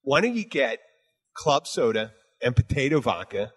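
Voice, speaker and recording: A man's voice: medium pitch, very animated, moderate pace, breathy edge. A man hosting a bartending podcast in casual chat, talking bluntly and emphatically with plenty of swearing. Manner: emphatic, blunt, profane, repeats "you know what".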